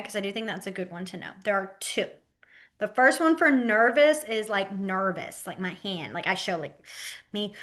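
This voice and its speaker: A woman teaching a beginners' sign language class over a webcam, giggly and lively, acting out her examples with her voice. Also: medium pitch. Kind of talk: online class instruction. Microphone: webcam mic on a video call.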